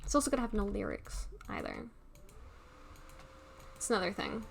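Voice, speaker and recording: A woman's voice: medium pitch, wildly swooping pitch, normal speed, gravelly, soft background music. A woman livestreaming a game, chatting in a rambling, casual way and laughing often. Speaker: livestreamer playing a block-building game. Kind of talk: casual live-stream chatter while playing.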